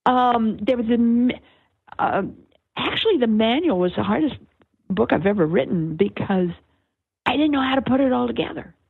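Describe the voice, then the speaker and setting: An older woman, a guest author on an interview, explaining things in a slow, searching way with many fillers and restarts over a phone line. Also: fairly high pitch, lively intonation, gravelly, husky, dry recording. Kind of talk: reflective conversational explanation. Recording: tinny phone-line sound.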